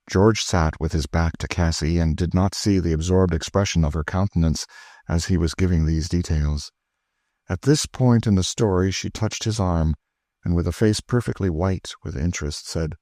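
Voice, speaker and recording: Low-voiced man narrating an audiobook. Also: moderate pace, darkish tone, no room sound, clean studio sound. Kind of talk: scripted narration.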